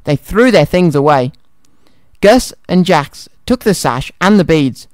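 A man's voice: on the high side, expressive, a little slow, no echo. A man presenting a children's radio show and reading a story aloud in a cheerful, friendly way, in a studio. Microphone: studio microphone.

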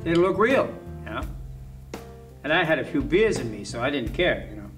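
A man telling rough, rambling, profane stories in a casual interview. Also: mid-range voice, very animated, moderate pace, a bit bright, low-quality recording. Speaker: interviewee, film extra. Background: background music.

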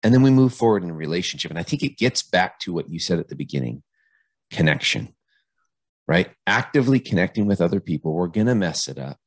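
A middle-aged man speaks as a podcast guest in an earnest, conversational way, often restarting his phrases. His voice sits very low and deep. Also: sing-song, quick pace. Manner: earnest, repeats words when starting phrases. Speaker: podcast guest, police officer.

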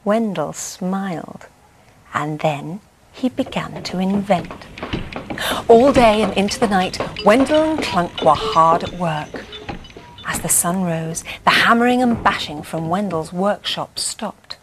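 A woman reading a bedtime story aloud in a gentle, expressive way. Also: fairly low pitch, slow, background noise.

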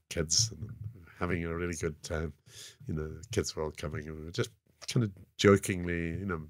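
Older man, south african accent, very deep voice, dry close sound, rambling storyteller, lots of fillers. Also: no echo. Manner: rambling, frequent "you know" fillers. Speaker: podcast guest. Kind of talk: casual anecdotal storytelling.

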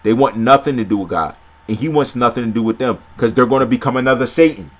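Guy reading bible verses out loud, middle pitch, slips into slangy comments sometimes. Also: fast. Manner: reads steadily, breaks off into excited slangy commentary. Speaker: scripture reader and preacher. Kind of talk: reading scripture aloud with commentary.

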